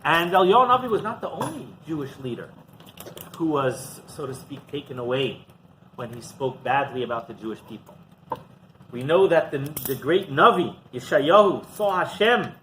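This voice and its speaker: A rabbi tells a Torah story with a lively, swooping voice that sits fairly high for a man. His tone is bright and forward, and he lifts it further whenever he quotes someone. A faint room ambience sits behind him. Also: normal speed, a little hiss or hum, low-quality recording. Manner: animated retelling, voices quotes higher and louder.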